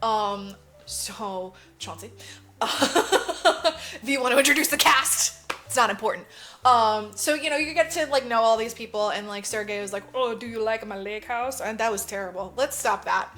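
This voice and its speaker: Bright-voiced woman recapping a movie. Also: a little high, normal speed, soft background music. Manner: laughing, swearing, acting out movie lines. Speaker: podcast co-host. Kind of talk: casual movie recap chat.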